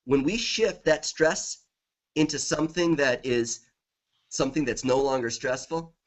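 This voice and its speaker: A middle-aged man, a guest author in a conversational interview, speaks with enthusiasm and keeps repeating affirmations. His voice is medium-pitched and unhurried.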